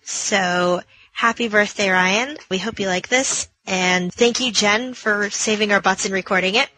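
A woman reads a birthday dedication in a friendly, slightly formal way, naming everyone who took part. Her voice is bright and clear at a middle pitch. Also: measured pace, low-quality recording. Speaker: presenter of a group gift.

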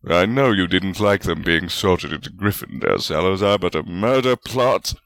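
A man voicing a gruff, gravelly old wizard spirit. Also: sits low, moderate pace, fairly bright tone, no room sound. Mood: snarling. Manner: gruff and indignant. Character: blustering, proud old male wizard spirit. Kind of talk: audiobook fan fiction reading.

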